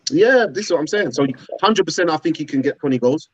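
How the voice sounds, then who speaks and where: A man, co-hosting a casual football fan chat, animated and slangy, often repeating his words. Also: a little high, fast, muffled recording. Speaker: co-host of a football fan show.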